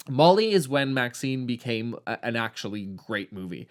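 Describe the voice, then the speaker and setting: A man's voice: mid-range voice, measured pace. Sarcastic, swearing male film reviewer. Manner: sarcastic, swears, laughs often. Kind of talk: casual video review.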